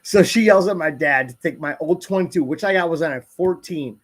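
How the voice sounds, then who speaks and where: A man's voice: on the high side, fairly quick. A man in his forties on a casual podcast, telling profane, rowdy stories and acting out the people in them. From grew up in the country. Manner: profane, storytelling with animated quoted voices. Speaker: podcast co-host. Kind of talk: casual chat.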